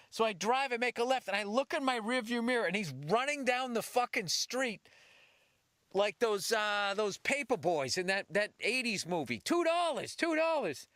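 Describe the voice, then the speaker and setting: A man's voice: high voice, normal speed, dry recording. A man telling a casual anecdote full of swearing, acting out the other people's voices as he goes. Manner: animated, swears constantly, acts out voices.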